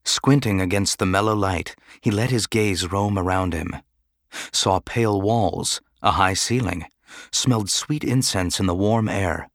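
A man giving measured, dramatic audiobook narration. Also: low voice, dry recording, studio quality.

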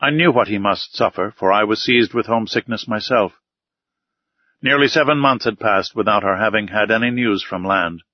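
A man giving measured, formal first-person audiobook narration. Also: lowish voice. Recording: slightly dull, dry recording.

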